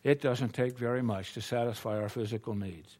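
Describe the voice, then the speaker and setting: A man's voice: medium pitch, steady tone, fairly quick, darkish tone. An older American man preaching a sermon in a folksy, conversational way, full of rhetorical questions. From United States.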